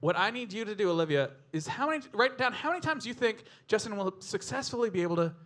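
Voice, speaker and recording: A man's voice: high-pitched, lively intonation, fast talker, a bit bright. A man hosting a live comedy game show in front of an audience, bubbly and laughing often as he announces. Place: live stage before an audience.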